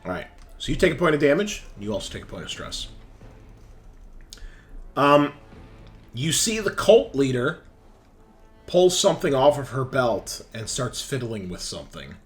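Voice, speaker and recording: A man runs a tabletop role-playing session, patiently explaining rules and narrating combat. His pitch moves a lot, and faint music plays under him. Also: big pitch swings, normal speed, long pauses. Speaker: game master.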